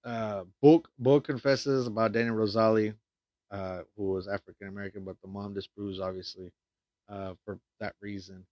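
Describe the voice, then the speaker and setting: A man's voice: on the low side, steady tone, normal speed, no room sound. A man giving a casual plot recap and review of a film, rambling with lots of fillers and restarts and frequent swearing. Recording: dull lo-fi dry sound.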